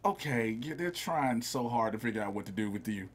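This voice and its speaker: A man co-hosting a wrestling panel chat, animated and laughing, often acting out little quotes. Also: mid-range voice, a little fast. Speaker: co-host.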